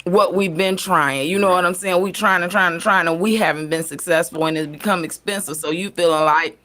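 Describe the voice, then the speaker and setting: A woman's voice: on the low side, fairly even intonation, fairly quick, a bit bright. A woman hosting a casual panel talk, rambling with many fillers and restarts.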